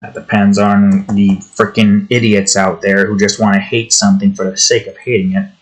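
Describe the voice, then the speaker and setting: A man's voice: on the low side, level tone, moderate pace, poor audio. A tired young man from New Jersey, rambling and ranting casually while he draws. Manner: meandering, frustrated rant with frequent restarts. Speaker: art streamer.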